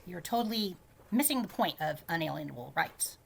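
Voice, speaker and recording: Female video creator, low-pitched, earnest and insistent as she explains her point. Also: expressive, brisk, vocal fry, slightly rough. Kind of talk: explaining her political views.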